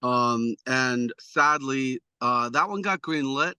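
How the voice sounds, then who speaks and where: A man's voice: mid-range voice, takes it slowly, bright, forceful tone, smooth, dry recording. A man, an executive producer, answering interview questions in a rambling, self-deprecating way with many restarts.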